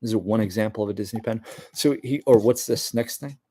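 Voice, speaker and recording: A man's voice: lowish voice, brisk, husky, no room sound. A man talking in a casual, meandering monologue, full of fillers and restarts. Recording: loud keyboard typing in background.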